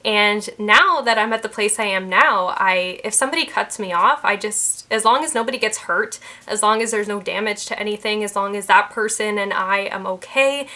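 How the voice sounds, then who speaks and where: A woman's voice: mid-range voice, normal speed, few pauses, sharp tone. A young woman mindset coach giving earnest, explanatory advice to camera. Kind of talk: talking-head advice video.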